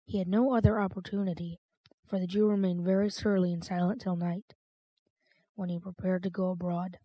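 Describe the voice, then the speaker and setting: A woman reading a classic novel aloud as an audiobook narrator, in a measured, even storytelling manner. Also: fairly low pitch, no echo, muffled recording. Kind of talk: scripted narration.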